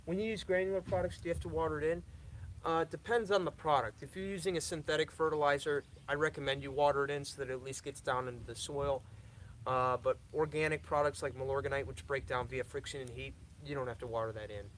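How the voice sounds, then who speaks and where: A man's voice: mid-range voice, steady tone, fast talker, a bit bright, rough recording. Young guy doing a live lawn q&a, reads out questions, stutters and repeats himself, faint hum behind him. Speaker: lawn care channel host. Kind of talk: live-stream Q&A.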